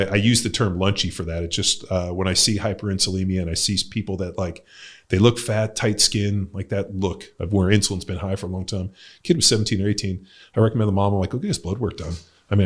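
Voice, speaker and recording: Man, middle-aged, very deep voice, podcast host, rambling, blunt, profane. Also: steady tone, fast talker. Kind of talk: casual podcast chat.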